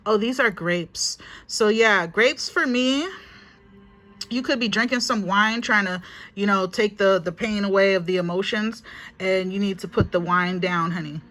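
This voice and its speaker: A woman's voice: mid-range voice, unhurried, a bit bright, soft background music. A woman giving a casual spiritual reading to a phone, chatty and emphatic, repeating herself and calling viewers honey. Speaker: spiritual reader.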